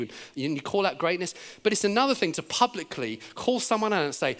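A man with an English accent preaching a sermon in a church, telling stories in an animated way and acting out the words of the people in them. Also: high voice, fast, hardly any pauses. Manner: animated storytelling, acting out quoted speech. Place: church service.

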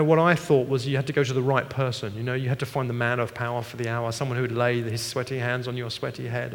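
A middle-aged man preaching a sermon as pastor, moving between hushed, earnest passages and animated, laughing stories. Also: medium pitch. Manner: animated storytelling with laughs and shifts from hushed to loud. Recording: long hall reverb.

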